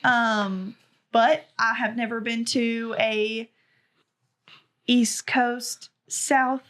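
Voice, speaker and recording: Blunt high-voiced woman in a fan chat. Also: steady tone, extremely slow, a bit bright. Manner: blunt and argumentative. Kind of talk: casual fan discussion.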